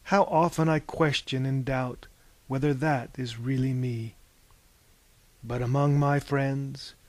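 Bookish poet reading verse, voiced by a male narrator, soft and slow, storybook. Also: mid-range voice, no room sound, lightly acted.

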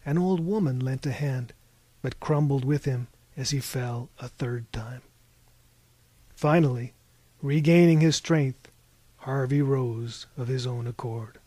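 Slow, measured male storyteller. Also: medium pitch, darkish tone, no room sound. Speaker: narrator. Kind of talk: scripted audiobook narration.

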